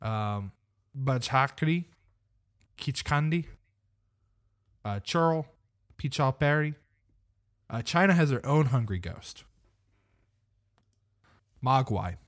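A man's voice: medium pitch, lively intonation, slow pace, long pauses. A man co-hosting a podcast in casual chat, rambling and hesitant, laughing often. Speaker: podcast co-host.

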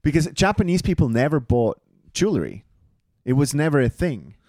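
A man co-hosting a podcast, chatting casually with quick teasing quips. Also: fairly high pitch, very animated, a little mellow, dry recording, studio quality. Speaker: podcast co-host. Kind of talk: casual chat.

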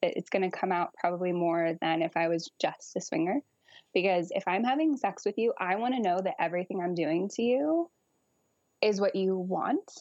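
A woman's voice: on the low side, moderate pace, darkish tone, dry recording, highs cut off. A woman guest on a podcast, talking frankly and casually with frequent laughter and swearing. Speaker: guest kink educator.

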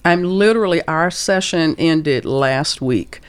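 A woman in her fifties from St. Louis, a career coach telling stories as a guest in an interview, expressive and acting out quoted voices with chuckles. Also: deep voice, a little slow, clear, resonant tone, no echo. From St. Louis, USA. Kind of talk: storytelling interview talk.

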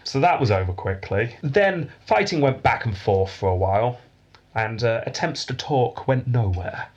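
Husky man telling history, dry jokes. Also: medium pitch, animated, normal speed, lo-fi sound. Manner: dry, joking storyteller with frequent laughs. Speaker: podcast host telling a history story. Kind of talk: casual history podcast chat.

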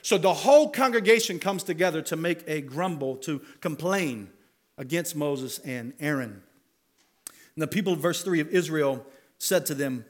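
A man's voice: fairly high pitch, normal speed. A man preaching a sermon as pastor, talking conversationally and building to emphatic rhetorical questions. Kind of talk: expository sermon.

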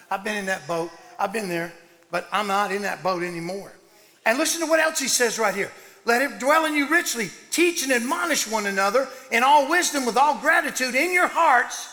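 Preacher guy in his 60s, high voice, gets loud n excited then goes quiet, echoey church hall. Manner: preaches in loud excited bursts, then drops low and soft. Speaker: pastor. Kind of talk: sermon. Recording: long hall reverb.

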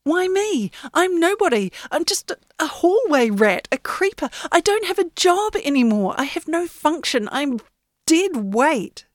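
A woman reading aloud, voicing a defiant young woman outcast who speaks in a high, urgent, pleading voice. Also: very animated, unhurried, dry recording, full character voice.

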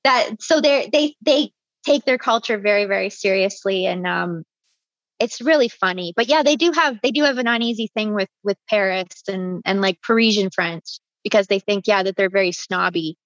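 A woman from Canada hosting a casual podcast chat, blunt and quick to swear. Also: mid-range voice, a bit bright, no room sound, highs cut off. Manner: blunt, swears freely, quick back-channel replies. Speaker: podcast host.

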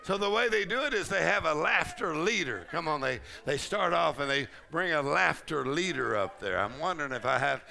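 A man preaching at a conference, shouting and laughing loudly as he preaches. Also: fairly high pitch, expressive, normal speed, creaky, hardly any pauses. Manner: shouting, laughing loudly, Southern colloquial speech. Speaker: pastor. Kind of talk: charismatic preaching sermon. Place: large conference hall.

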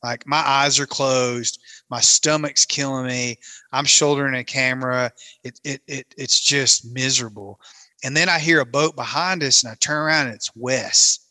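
A man's voice: medium pitch, fairly even intonation, moderate pace, pushed and bright, dry recording. A man, telling a long self-mocking story in casual chat and acting out his own lines. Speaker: camera operator telling a story.

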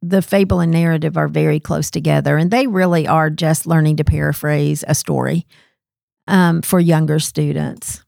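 Woman, podcast co-host, low gravelly voice, mellow tone, dry close mic, casual thinking aloud. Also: fairly even intonation, moderate pace, dry recording. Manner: thinks aloud, self-questioning, laughs easily. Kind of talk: casual panel discussion.

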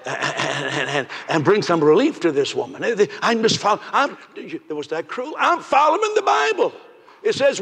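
Gravelly preaching man in an echoey hall. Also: high-pitched. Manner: animated preaching, acting out quoted people. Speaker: pastor. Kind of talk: sermon.

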